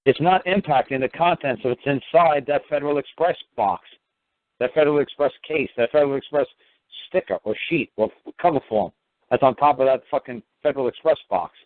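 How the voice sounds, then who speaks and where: A man's voice: mid-range voice, fairly quick, no room sound. A man hosting a call-in show, blunt, profane and lecturing as he answers callers. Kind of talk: call-in radio talk. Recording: dry, tinny phone-line sound.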